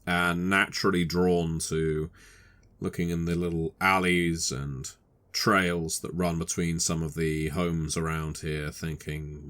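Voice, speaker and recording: A man narrating a tabletop horror game as game master in a slow, atmospheric way. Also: sits low, level tone, a bit bright.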